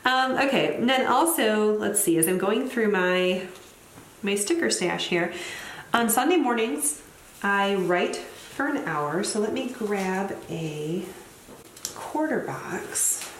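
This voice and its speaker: A woman's voice: mid-range voice, animated, takes it slowly, a little hiss or hum. Chatty woman in an echoey room. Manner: chatty, thinks aloud, self-deprecating asides. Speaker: planner vlogger; teacher. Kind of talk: casual plan-with-me narration while decorating.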